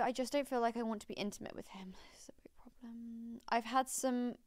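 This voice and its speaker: A young woman from the UK co-hosting a casual chat podcast, gushing and reading listener letters aloud with quick asides. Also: fairly high pitch, smooth, dry recording, studio quality. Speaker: podcast co-host.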